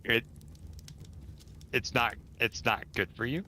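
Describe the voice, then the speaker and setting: A man's voice: medium pitch, slow, sharp tone. A man playing a tabletop game, joking and teasing another player. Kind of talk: tabletop role-play banter.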